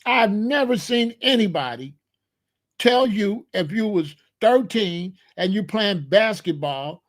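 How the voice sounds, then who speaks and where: A man speaks in a fairly high voice. He argues his point emphatically in casual commentary, throwing out rhetorical questions and hammering key words again and again. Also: expressive, takes it slowly. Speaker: commentary host.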